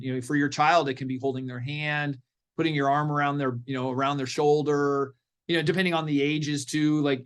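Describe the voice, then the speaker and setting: A middle-aged man, a parenting coach guest in a podcast interview, telling stories in an animated way and acting out what people said. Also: on the high side. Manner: animated storyteller, acts out quotes.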